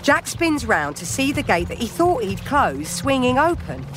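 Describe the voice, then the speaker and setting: A narrator telling a children's audio story with an expressive delivery and chatty asides to the listener. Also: sits high, normal speed, over music.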